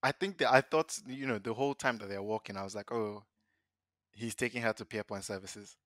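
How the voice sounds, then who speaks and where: Low-voiced man in a podcast chat. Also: fast, fairly bright tone, dry recording, clean studio sound. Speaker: podcast co-host. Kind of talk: casual TV recap chat.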